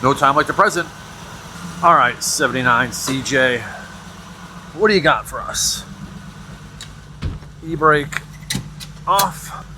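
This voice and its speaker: A man's voice: mid-range voice, expressive, takes it slowly, long pauses, noisy background. A man from New Hampshire giving casual running commentary while working on an old vehicle, rambling into joking, self-deprecating asides.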